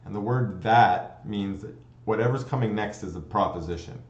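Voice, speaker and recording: A man with a low voice delivers a recorded computer science lecture. He thinks aloud, repeats words as he restarts, and checks in with the class. The sound is muffled and echoes around the room. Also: normal speed. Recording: dull, roomy lecture recording.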